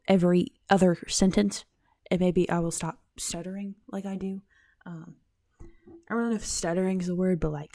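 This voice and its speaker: Rambling young woman podcasting solo. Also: fairly low pitch. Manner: rambling, restarts sentences, laughs at herself; often trails off quietly. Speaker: podcast host. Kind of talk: casual solo podcast chat.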